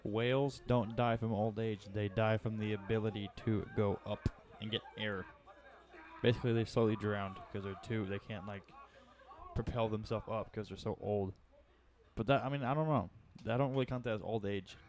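A man's voice: on the low side, steady tone, normal speed, darkish tone. A man co-hosting a horror movie commentary in casual chat, laid-back and rambling, with offhand trivia and wisecracks.

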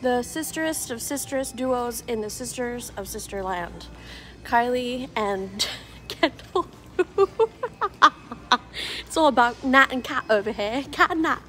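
A woman's voice: a little high, animated, measured pace, a bit bright. Giggly young woman vlogging. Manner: bubbly, giggly, playful. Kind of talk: casual vlog chat. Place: shops and a restaurant, indoors.

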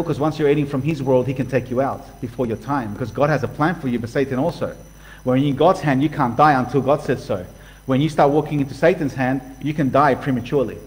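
A middle-aged man preaching a sermon in a lively, conversational way, reading scripture aloud and breaking in with his own comments. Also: medium pitch, poor audio.

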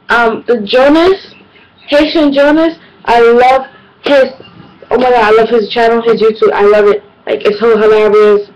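A woman's voice: on the high side, muffled recording. A young woman, telling exasperated comedic stories in a casual, slangy vlog monologue. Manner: animated, exasperated, slangy storytelling. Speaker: vlogger.

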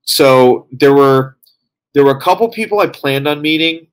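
A tired man co-hosts a casual podcast chat, reporting back from a convention and rambling along with lots of fillers. His mid-range voice is clean and moves at a moderate pace.

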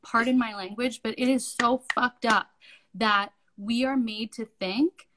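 A woman from Canada with a fairly high voice co-hosts a casual podcast. She speaks earnestly and with emphasis, and can be blunt. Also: fairly even intonation, a little slow, a bit bright, rough recording. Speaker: podcast co-host. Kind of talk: casual chat.

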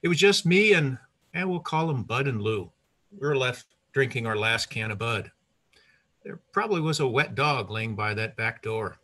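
An older man telling a personal story to an audience, lively, with asides and self-corrections. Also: mid-range voice.

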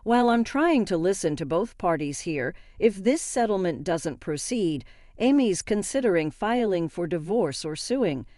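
A calm, stern male lawyer who speaks in a measured way, read by a woman narrating a story. The voice is low and mellow. It is recorded dry. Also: no room sound, close to an everyday voice.

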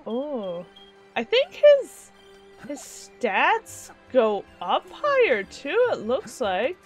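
A bubbly young woman hosts a relaxed gameplay video, giggling often and cooing softly to her little game pets. Her voice sits high and she takes her time with every sentence, while faint game music plays underneath. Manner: gushing, giggly, talks baby-talk to her pets. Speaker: gaming video host. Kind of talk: casual let's-play commentary.

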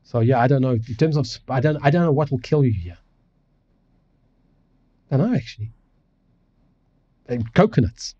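A man rants casually on his livestream, rambling, restarting and cursing freely. His voice is husky and mellow, with a pitch that swings a lot. The audio is dull and lo-fi, as if streamed from home. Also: expressive, normal speed, long pauses. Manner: rambling, swearing, many restarts. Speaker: livestream host. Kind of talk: casual ranting chat. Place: home apartment.

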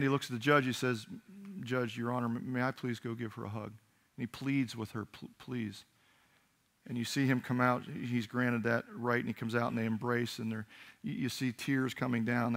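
A man pastor delivering a sermon, telling a story earnestly with halting restarts. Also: medium pitch, flat delivery, creaky, fairly bright tone. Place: church sanctuary.

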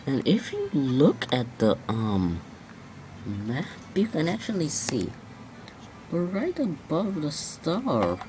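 A woman's voice: deep voice, wildly swooping pitch, takes it slowly, a little mellow, faint music behind. A woman casually chatting and rambling to herself while playing a video game. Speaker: gameplay commentator. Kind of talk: casual let's-play commentary.

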